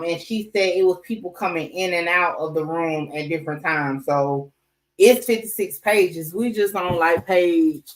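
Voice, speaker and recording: A woman's voice: lowish voice, fairly bright tone, rough recording. A woman co-hosting a livestream, giving blunt, profane casual commentary full of fillers.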